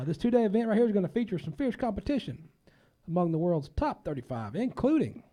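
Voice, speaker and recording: A man's voice: sits high, dark tone. A man hosting a casual talk show, folksy and rambling, a bit under the weather.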